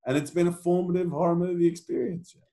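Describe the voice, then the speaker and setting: A man co-hosting a podcast, telling stories in a casual, animated way with frequent laughs and casual swearing. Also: high-pitched, quick pace. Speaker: podcast co-host. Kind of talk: casual chat, storytelling.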